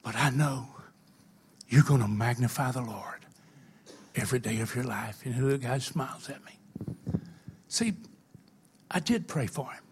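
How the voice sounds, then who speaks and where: An older man preaching a sermon, telling emotional stories that swing between loud, stretched words and hushed, quiet passages. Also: medium pitch, moderate pace, pauses often, a little hiss or hum.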